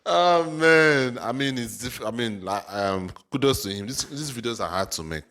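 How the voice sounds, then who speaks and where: A man's voice: lowish voice, brisk, fairly bright tone. A man with a non-native English accent giving casual, chatty reaction commentary, often repeating words. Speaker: reaction video host.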